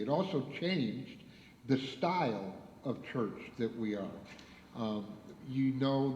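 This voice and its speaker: A man's voice: mid-range voice, a little mellow. A man, a pastor, giving a conversational panel introduction with easy fillers. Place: church hall. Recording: echoey hall, slightly dull sound.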